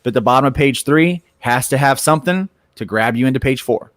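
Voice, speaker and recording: A man's voice: medium pitch, expressive, fairly quick, fairly bright tone, no echo. Rambling man on a comics panel. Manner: rambling, with many restarts and fillers. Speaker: comic book writer and artist on a panel. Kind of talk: casual panel talk.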